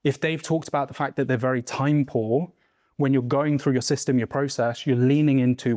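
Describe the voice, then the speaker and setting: A man's voice: medium pitch, fairly even intonation, brisk, darkish tone, no echo, clean studio sound. A man coaching a room of business owners on sales, talking emphatically and checking in with "right?" and "okay?". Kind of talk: mastermind teaching talk. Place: room with a group.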